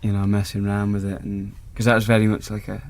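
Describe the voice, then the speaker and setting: A man's voice: fairly low pitch, completely flat delivery, fast talker, darkish tone. An English man, a musician being interviewed, rambling with lots of fillers. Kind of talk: casual interview chat.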